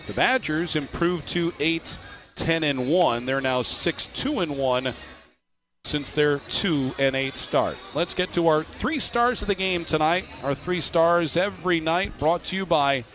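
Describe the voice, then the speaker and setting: Radio sports host guy, a bit high, brisk, music under him. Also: animated, fairly bright tone. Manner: brisk, upbeat, scripted reads. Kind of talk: post-game radio hosting.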